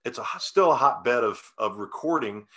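A man chats in an unhurried, folksy way, circling back through restarts and fillers as he tells a story. His voice sits at an ordinary middle pitch. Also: animated, a bit bright. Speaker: guest singer-songwriter. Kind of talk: casual interview storytelling.

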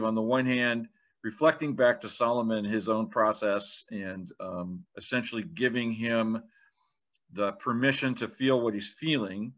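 A man's voice: medium pitch, a bit bright. A man co-hosting a talk show, thoughtfully explaining ideas in a conversational way. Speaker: podcast co-host. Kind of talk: conversational discussion. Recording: dull lo-fi sound.

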